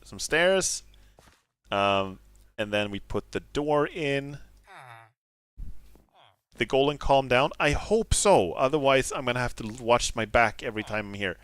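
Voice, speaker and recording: Giggly, animated man playing a game. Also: medium pitch, measured pace, pauses often, smooth, no echo. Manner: giggly, apologetic, animated outbursts. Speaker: gaming streamer. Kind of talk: casual gameplay commentary.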